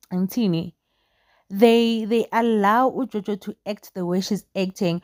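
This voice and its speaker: A young woman with a South African Zulu accent giving casual, opinionated commentary on a reality show, animated and gossipy and mixing English with Zulu. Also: medium pitch, dry recording, studio quality. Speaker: entertainment vlogger reviewing a reality show.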